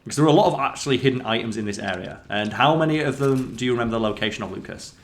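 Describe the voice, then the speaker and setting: Guy doing lets play commentary, talks super fast, gets hyped and swears a lot. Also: medium pitch. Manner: excitable, swears freely, quizzes his co-player. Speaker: let's play host. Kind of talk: casual gameplay commentary.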